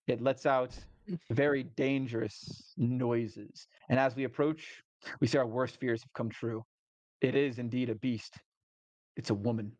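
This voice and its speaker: A man's voice: mid-range voice, fairly even intonation, unhurried, a little mellow, dry recording. A man recapping a tabletop game session as game master. He tells it in a casual, laughing way and swears often. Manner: laughing, profane storytelling.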